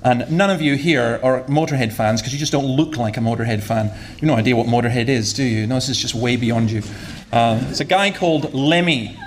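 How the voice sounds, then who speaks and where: A man's voice: mid-range voice, brisk, a little hiss or hum. A man preaching a sermon in a conversational, humorous way, often repeating words as he goes.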